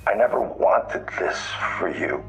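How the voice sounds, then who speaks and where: An actor playing a weary male prisoner who speaks in a low, gravelly murmur in a drama trailer. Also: expressive, measured pace, lo-fi sound, exaggerated voice. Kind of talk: film drama dialogue. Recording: trailer clip under loud scary music.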